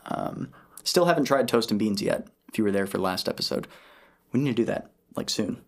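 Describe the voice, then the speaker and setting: A man's voice: fairly low pitch, lively intonation, a little fast, gravelly. A man hosting a casual chat, joking and rambling in a self-deprecating way. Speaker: host.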